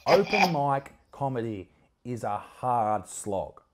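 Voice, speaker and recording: A man telling a short stand-up anecdote in a slow, deadpan way. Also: medium pitch, background noise. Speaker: stand-up comedian in a played clip.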